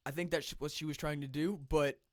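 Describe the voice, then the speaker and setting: A man hosting casual reaction commentary. He talks conversationally with restarts and clears his throat now and then, a little phlegmy from the cold. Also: a little high, fairly even intonation, fairly quick, no room sound, studio quality. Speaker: commentary channel host.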